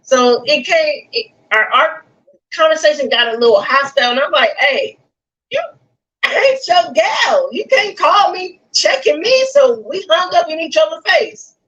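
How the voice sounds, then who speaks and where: A woman guest on a livestream, retelling a dispute in an animated way and acting out the quotes. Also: high voice, moderate pace. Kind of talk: casual storytelling on a call. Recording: dull lo-fi call audio.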